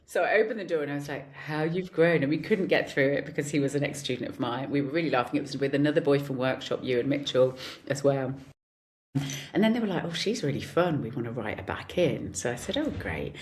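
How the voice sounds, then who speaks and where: A woman's voice: rumbling low, quick pace. A woman in her forties, a guest actor, telling stories in casual chat and laughing often. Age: 40s. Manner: animated storyteller, laughs often.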